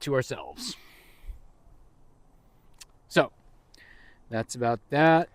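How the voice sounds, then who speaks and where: A man's voice: mid-range voice, big pitch swings, extremely slow, no echo. A man co-hosting a podcast in casual chat, rambling and teasing his co-host with jokes.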